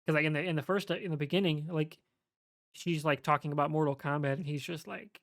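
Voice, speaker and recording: A podcast co-host giving a measured, analytical take in casual chat, with many fillers. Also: medium pitch, fairly even intonation, fairly bright tone, dry recording, studio quality.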